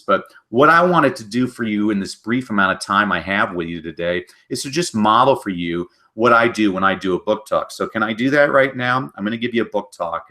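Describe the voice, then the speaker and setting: A man giving an energetic webinar talk on children's books, telling stories and briefly doing character voices. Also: on the low side. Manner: animated storyteller, does quick character voices. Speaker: literacy speaker giving book talks.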